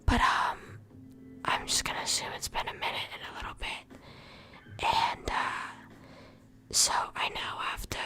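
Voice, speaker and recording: Girl whispering asmr style on stream, slow and rambly, whispered role-play. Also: pushed and bright. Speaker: live streamer.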